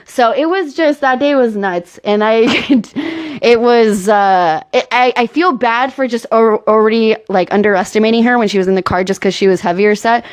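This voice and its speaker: A woman's voice: a little high, moderate pace, hardly any pauses, clean tone. A young woman, a nurse and comedian, talking in a casual comedic interview, playful and teasing with frequent laughs.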